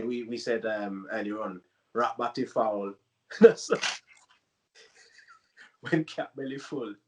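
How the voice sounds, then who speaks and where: Laid-back man, rambling. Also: lowish voice. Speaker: podcast co-host. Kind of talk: casual chat.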